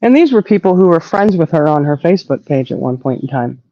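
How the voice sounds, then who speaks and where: A woman hosting a casual live-stream talk show, indignant and animated, swearing freely. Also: deep voice, quick pace, no room sound, lo-fi sound. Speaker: host.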